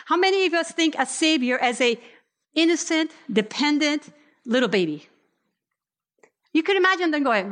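A woman preaching a sermon, expressive, slowing down for scripture readings. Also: high-pitched. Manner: expressive, varies pace, slows for scripture readings.

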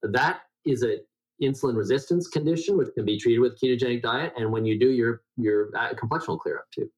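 A man's voice: a little fast, low-quality recording. Middle-aged man, nasal voice, interview guest, rambling and full of fillers. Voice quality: self-described high nasal voice. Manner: rambling, many restarts and fillers. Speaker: guest health educator. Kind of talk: conversational interview.

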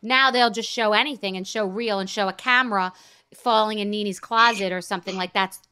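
A woman's voice: medium pitch, steady tone, fairly quick, pushed and bright, smooth, no echo, clean studio sound. A middle-aged woman hosting a podcast, chatting casually and rambling through a story, acting out the things people said. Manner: rambling storyteller, acts out quotes. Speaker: podcast host. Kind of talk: casual chat.

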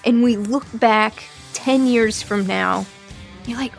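A woman's voice: on the high side, takes it slowly, gravelly, faint music behind. A woman hosting a podcast, interviewing a guest and reading the show's outro in an encouraging, upbeat way. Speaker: podcast host.

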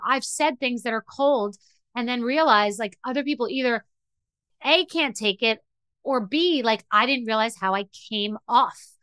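A woman's voice: on the high side, unhurried, a bit bright, clear, resonant tone, dry recording. A middle-aged woman hosting a podcast, telling a personal story in an emotional, rambling way with many restarts. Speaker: podcast host. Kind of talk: candid monologue.

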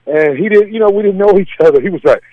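A man's voice: high-pitched, quick pace, dry recording, phone-quality sound. A man, a comedian, talking casually in an interview, confident and laid-back as he tells stories. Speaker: comedian guest.

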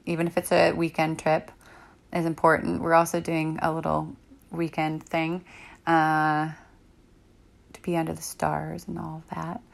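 A woman's voice: sits low, gravelly. A woman in her thirties hosting a parenting podcast alone, talking in a reflective, rambling way with many fillers. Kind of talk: casual solo talk.

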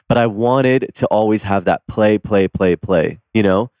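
A man's voice: lowish voice, a little slow, darkish tone, clear, resonant tone, dry recording. A man hosting a casual conversation, telling personal stories openly and laughing often. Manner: open, laughs often, storytelling. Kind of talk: casual chat.

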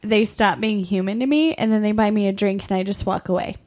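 A woman's voice: medium pitch, a little fast, a little mellow. A young woman co-hosting a casual chat, joking and teasing with a playful manner. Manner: playful, teasing, laughs often.

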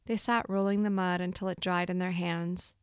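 A woman with a lowish, smooth and resonant voice reads a literary story in a calm, even way. She is close to the mic in a dry room with no echo. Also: normal speed. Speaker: narrator. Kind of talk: scripted narration of a literary story.

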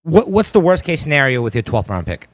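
A man with a mid-range voice that swings lively up and down argues his draft picks, repeating words to press a point. The sound is dry and close-miked. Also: on the high side, quick pace, dry recording. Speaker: fantasy football co-host. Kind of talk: casual sports chat.

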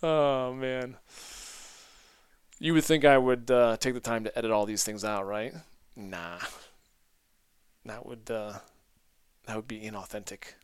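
A man's voice: medium pitch, fairly even intonation, measured pace, long pauses, smooth, no echo. A man hosting a solo podcast, talking reflectively, rambling and correcting himself, often laughing at himself. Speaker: podcast host.

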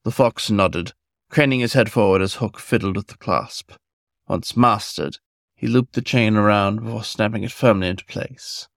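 Man with a gravelly low reading voice. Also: no echo, studio quality. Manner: measured storytelling. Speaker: narrator. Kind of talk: scripted story narration.

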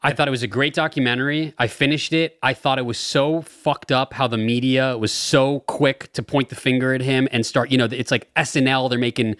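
A man's voice: mid-range voice, steady tone, a little fast, few pauses, a bit bright, no echo, clean studio sound. A man in casual chat, agreeing and talking with some swearing. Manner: agreeable, conversational, profane.

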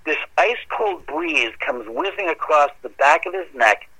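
A man casually telling a long story in an animated, conversational way, with the odd curse word. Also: fairly high pitch, normal speed, gravelly, slightly rough, poor audio. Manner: animated, conversational, occasional swearing.

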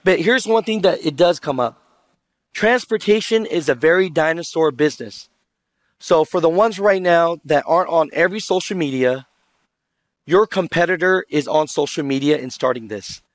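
Upbeat panel speaker, a man with a slightly high voice who acts out quotes and polls the crowd, dry close sound. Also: dry recording. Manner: animated storyteller who acts out other people's lines and quizzes the audience. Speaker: trucking video creator on a conference panel. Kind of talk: lively conference panel talk.

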